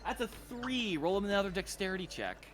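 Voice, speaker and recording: A man running a tabletop game as dungeon master, narrating excitedly, swearing freely and shouting out the lines of guards. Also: high-pitched, brisk.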